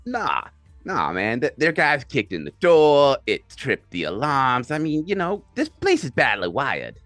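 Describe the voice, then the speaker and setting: A man voicing a laid-back male medic who calmly talks his way out of trouble in a tabletop game. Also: medium pitch, a little slow, dry recording, faint music behind, voice pushed up. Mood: placating. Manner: easygoing, placating.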